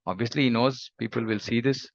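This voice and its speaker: Gravelly-voiced man giving an emphatic lecture. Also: mid-range voice, brisk, dry recording. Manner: emphatic, repeats for stress. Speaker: spiritual teacher. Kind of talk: scripture lecture. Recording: dull lo-fi recording.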